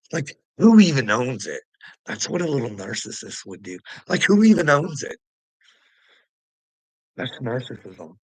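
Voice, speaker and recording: Man, heated profane rant, bright edgy tone, dry close sound. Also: mid-range voice, creaky, breathy edge, no echo, poor audio. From Canada. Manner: profane, heated, laughs between points. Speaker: vlogger. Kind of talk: angry political rant to viewers.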